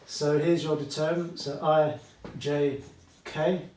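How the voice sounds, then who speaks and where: A man's voice: a little high, fairly even intonation, takes it slowly, darkish tone, recorded from a distance, a little hiss or hum. Chatty British man teaching maths, echoey room. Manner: chatty, asks "okay?" often, asides to viewers. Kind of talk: whiteboard maths lesson. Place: classroom with whiteboard.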